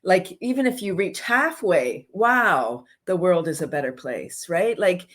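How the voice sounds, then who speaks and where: A woman speaks as a podcast guest with a somewhat low voice. She talks with passion, building her points with lots of fillers. The delivery is eager and conversational. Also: lively intonation, measured pace, fairly bright tone. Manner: enthusiastic, passionate, filler-heavy. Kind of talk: casual interview chat.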